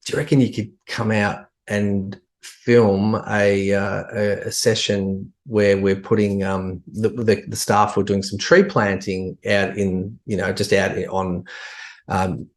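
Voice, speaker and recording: A man's voice: lowish voice, little pitch movement, a little slow. A middle-aged man with an Australian accent, chatting casually as a podcast guest, telling a story with many restarts and fillers. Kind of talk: casual chat.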